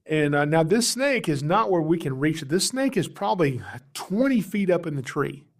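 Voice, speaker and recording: A man with a somewhat high-pitched voice tells stories from his job as a snake catcher. He talks casually and with animation, dropping in chuckles and acting out the voices of his callers. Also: lively intonation, moderate pace. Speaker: podcast host, snake catcher. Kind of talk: casual storytelling.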